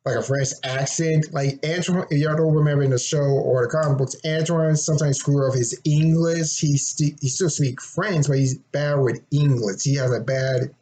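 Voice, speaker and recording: Young male fan, casual rambling monologue, slightly hoarse, mid-pitched. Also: darkish tone, low-quality recording. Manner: rambling, with many restarts and throat clearing. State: a little hoarse, throat getting sore. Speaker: fan presenting his game concept.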